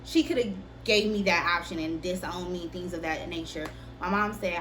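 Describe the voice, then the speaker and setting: A young woman casually telling a personal story on her vlog, candid and profane, with lively delivery. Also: fairly low pitch, normal speed, noisy background. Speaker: vlogger.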